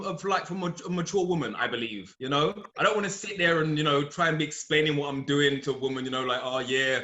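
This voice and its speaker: A man's voice: fairly high pitch, fairly bright tone, a little hiss or hum. A young man bantering crudely as a guest in a comedy chat game, teasing and often laughing. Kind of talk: joking casual banter. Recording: roomy echo.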